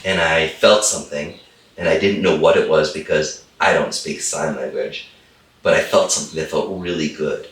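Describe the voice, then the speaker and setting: Deep-voiced, emphatic middle-aged man. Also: fairly even intonation, normal speed, fairly bright tone, roomy sound, distant mic. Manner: repeats phrases for emphasis, enthusiastic. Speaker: holistic chiropractor, guest. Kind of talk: animated storytelling in a conversation.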